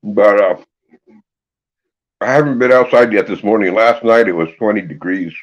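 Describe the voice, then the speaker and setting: Low-voiced guy on a live stream, mouth full, slow folksy drawl, kinda muffled lo-fi sound. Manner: talks with his mouth full, chuckling between bites. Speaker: livestream host. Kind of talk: casual live chat. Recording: dull lo-fi stream audio.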